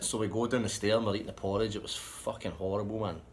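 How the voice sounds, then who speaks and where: A man telling a rambling, profane anecdote in a casual, lively way. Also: fairly low pitch, racing, hardly any pauses. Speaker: storyteller.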